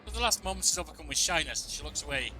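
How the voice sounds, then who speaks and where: A man plays through a role-playing game and reads its narration aloud. His delivery is plain and even, with small stumbles and restarts. Game music plays clearly underneath. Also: fairly high pitch, rapid-fire. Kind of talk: let's play, reading game text aloud.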